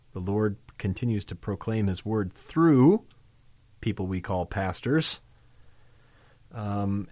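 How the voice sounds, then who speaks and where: Pastor, male, lower voice, dry close sound; preaches conversationally with emphasis, asks the congregation questions. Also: warm tone, dry recording. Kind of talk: sermon.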